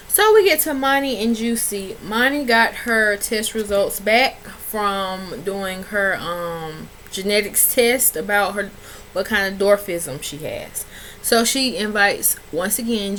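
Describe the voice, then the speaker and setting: An animated woman talks through a reality episode in a loose, opinionated vlog style. She keeps to a middle pitch but jumps sharply higher when she acts out the people she quotes. A faint hiss of noise sits under her voice. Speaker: reality TV reviewer. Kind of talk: casual recap vlog.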